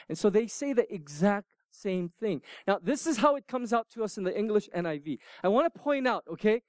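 Brief: middle-aged man, pastor giving a sermon, high voice, swings from emphatic to hushed, dry close mic. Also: a little fast, hardly any pauses, smooth, no echo. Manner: animated, emphatic preaching that drops to hushed, near-whispered moments.

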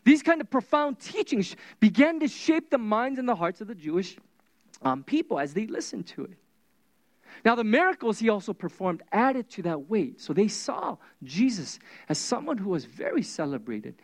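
A preacher giving a sermon, retelling scripture as animated storytelling with casual asides. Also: mid-range voice, moderate pace, no echo.

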